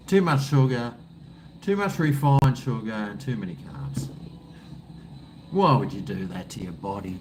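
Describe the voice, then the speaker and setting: A man's voice: fairly low pitch, lively intonation, unhurried, pauses often, noisy background. Rambling Australian man on a beer live stream. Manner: rambling, swearing, joking. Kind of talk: casual chat while drinking beer.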